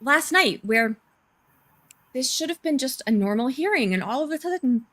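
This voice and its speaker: A woman with a somewhat high voice chats casually over a remote call. She explains legal points in plain, conversational terms. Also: lively intonation, a little slow, pauses often, a bit bright. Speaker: co-host discussing a court case.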